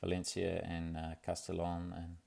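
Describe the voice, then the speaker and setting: Low gravelly man. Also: monotone, normal speed, mellow. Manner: laid-back and rambling, with many fillers and restarts. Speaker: vlogger. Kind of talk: casual video diary.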